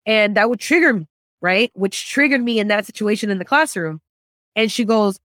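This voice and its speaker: A woman guest in casual conversation, telling animated stories, acting out other people's voices and swearing freely. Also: mid-range voice, normal speed, no room sound, studio quality. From Central American family, raised in US. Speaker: podcast guest.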